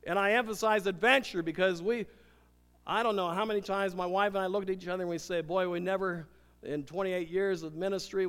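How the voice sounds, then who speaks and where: An older man, a pastor, preaching a sermon with emphatic swings between loud declarations and hushed, intimate moments. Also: on the high side. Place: church sanctuary. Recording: long hall reverb.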